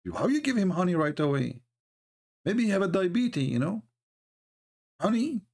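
A man hosting an online talk, speaking as an in a mocking, sarcastic way with lively storytelling. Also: high voice, normal speed. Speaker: online debate host. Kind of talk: casual live-stream commentary.

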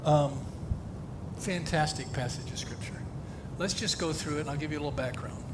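Pastor guy preaching, high voice, chatty, keeps quizzing the crowd, roomy church sound. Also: normal speed. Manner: conversational, asks the congregation questions. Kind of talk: sermon. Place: church sanctuary. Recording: echoey hall, distant mic, faint rumble.

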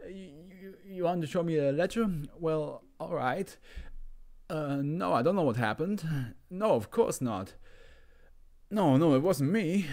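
A man's voice: mid-range voice, lightly acted. A man voicing a panicked male prisoner who hears voices, stammering and swearing as his voice climbs. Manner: frantic, stammering, swearing, voice rising.

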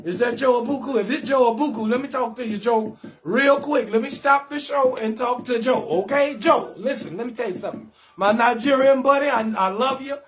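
A man hosting a live comedy stream, shouting out viewers and roasting their names in a loud, sing-song, laughing way. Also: extremely high pitch, a little fast.

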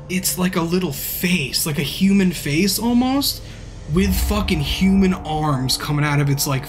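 A man streaming casually, rambling through a profane movie recap and acting out scenes in hushed asides. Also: a little high.

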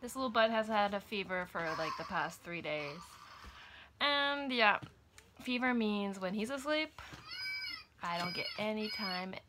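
A woman's voice: medium pitch, a little slow, noisy background. A woman reviewing snacks in a casual home vlog, chatting to her toddler between comments. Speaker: vlogger.

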